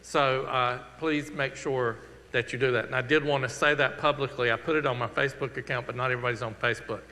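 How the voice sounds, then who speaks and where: A man's voice: mid-range voice, steady tone, bright, forceful tone. A man with a Southern accent, a pastor giving earnest, conversational church announcements and a closing prayer. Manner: earnest, conversational, slowing for emphasis. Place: church sanctuary. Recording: long reverb of a church hall.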